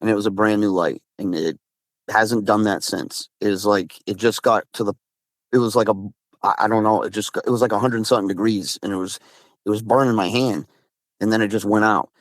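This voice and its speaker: A man's voice: on the low side, fairly even intonation, a little fast, dry recording. A man from Massachusetts casually recounting a frightening encounter, rambling with restarts and acting out both sides of conversations. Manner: rambling, restarts, quotes friend in dialogue. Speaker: guest telling an encounter. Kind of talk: casual storytelling.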